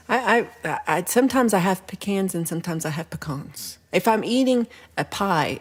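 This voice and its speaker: A woman's voice: medium pitch, lively intonation, normal speed, few pauses, breathy edge. A woman hosting a casual livestream chat, rambling playfully through viewer comments with frequent whispered asides. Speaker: livestream host.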